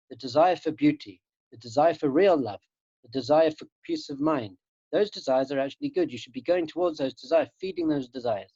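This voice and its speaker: A rabbi from England teaches students over a video call from a home room in Jerusalem, giving an earnest, emphatic spiritual talk and often repeating his key phrases. His voice is a little high and dark in tone, the recording dry, with the dull lo-fi quality of online call audio.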